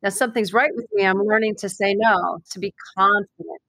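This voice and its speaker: Animated woman co-hosting an advice chat. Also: fairly quick. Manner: animated, acts out quoted speech in a higher voice.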